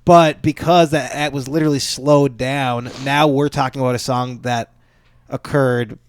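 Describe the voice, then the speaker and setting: A man co-hosting a podcast, chatting loosely and cursing freely. He stumbles and restarts his sentences as he goes. His voice sits at a middling pitch, recorded close and dry. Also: fairly even intonation, moderate pace, clear, resonant tone, no room sound. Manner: rambling, swears often, stumbles and restarts. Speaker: podcast co-host. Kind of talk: casual podcast chat.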